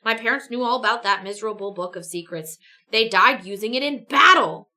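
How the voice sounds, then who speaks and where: A woman's voice: fairly high pitch, brisk, pushed and bright. Woman reading as a grim teen warrior girl. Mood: solemn. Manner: stern, solemn.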